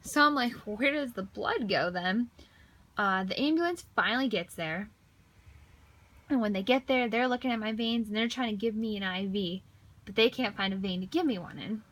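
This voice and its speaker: A woman voicing a deaf man's signed story aloud in first person, halting, with frequent restarts and repeated words. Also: medium pitch, a bit bright. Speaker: voice-over interpreter for a deaf man.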